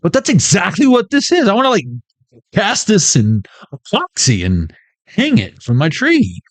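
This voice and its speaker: A man's voice: sits high, huge pitch swings, normal speed, no echo. Sarcastic, swearing man reading cards. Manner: sarcastic, profane, joking. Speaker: intuitive card reader. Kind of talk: casual livestream reading.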